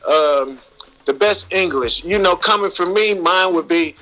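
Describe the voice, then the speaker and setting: A man's voice: high voice, a little slow, bright, forceful tone, soft background music, poor audio. An American man, a musician calling in as a guest, chatting casually and gratefully, often tagging sentences with "man". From United States. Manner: laid-back, thankful, peppers talk with "man". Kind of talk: casual phone-in chat.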